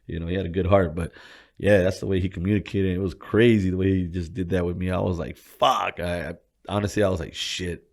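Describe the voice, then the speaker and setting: Talking fast in a steady, slightly mellow voice, a young man recounts his life in a relaxed interview, cursing freely all the way through. When he quotes people he performs them with a raised voice, and he laughs along the way but drops to a quiet murmur in reflective moments.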